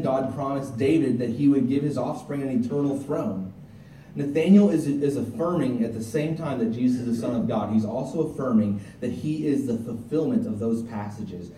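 A man's voice: mid-range voice, dark tone, a little hiss or hum. A male pastor giving a sermon in a conversational way, with restarts and asides, recorded from a distance in a church. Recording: roomy, from a distance.

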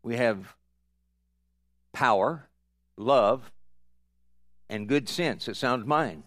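Calm man closing a sermon, dry sound. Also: mid-range voice, no room sound. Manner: calm, measured exhortation to the congregation. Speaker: pastor.

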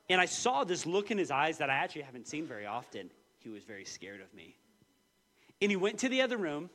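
A man in his thirties preaching a sermon, telling personal stories with lively, acted-out quotes. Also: fairly quick. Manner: animated storytelling, quoting voices with big pitch jumps. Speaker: pastor.

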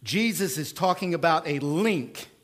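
A man preaching a sermon in a conversational, emphatic way, with rhetorical questions and swings between loud bursts and quiet asides. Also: a little high, expressive, unhurried. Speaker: pastor.

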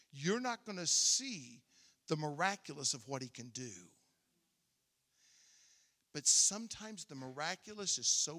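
Male preacher, slightly high voice, conversational storytelling sermon, long church-hall reverb. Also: sharp tone. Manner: conversational, repeats words when starting a thought.

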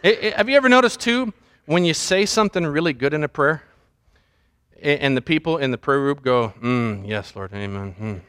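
A man's voice: fairly high pitch, fairly quick, a bit bright, clear, resonant tone. A man preaching a sermon as pastor, joking and mimicking how people pray.

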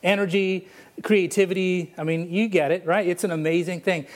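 A man's voice: high voice, fairly even intonation, normal speed. A male pastor preaching a sermon in a church, mixing storytelling and humor. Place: church sanctuary.

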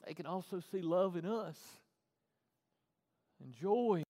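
A man with a high voice preaches to his congregation, sliding between soft, hushed lines and loud, fervent bursts. The sound carries a long church-hall reverb. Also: expressive, slow pace, pauses often. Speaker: pastor. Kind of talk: sermon.

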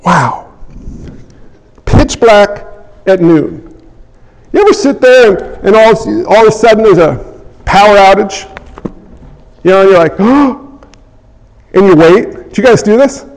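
A pastor delivers a sermon with a strikingly high voice. He preaches in an animated way, acting out moments and voices for the congregation. His words ring out with a long reverb from the church sanctuary. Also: unhurried, pauses often.

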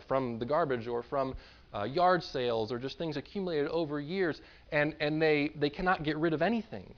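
A man's voice: mid-range voice, dull audio. Man preaching a conversational sermon. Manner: conversational preaching, acts out voices of imagined people. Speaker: pastor.

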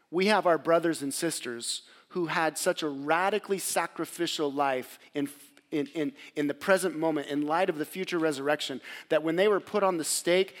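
A man preaching to a congregation in a church sanctuary, his voice sitting a little high for a man. He moves from loud, fervent exhortation down to near-hushed passages, pressing his points with earnest passion. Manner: impassioned, swings from loud exhortation to hushed quiet. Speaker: pastor. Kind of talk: sermon.

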